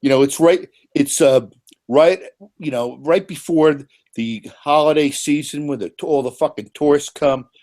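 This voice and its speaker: Profane New man, animated. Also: fairly high pitch, measured pace. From New York. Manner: animated, profane, frequent restarts. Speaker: panelist. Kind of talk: casual chat.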